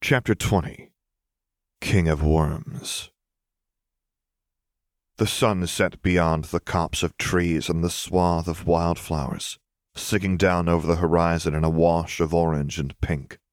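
Deep voiced guy reading an audiobook, slow and steady, dry close sound. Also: dry recording. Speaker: audiobook narrator. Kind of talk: scripted narration.

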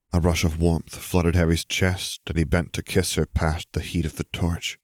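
A man narrating fan fiction as an audiobook in a steady, measured storytelling manner. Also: low-pitched, no room sound, clean studio sound.

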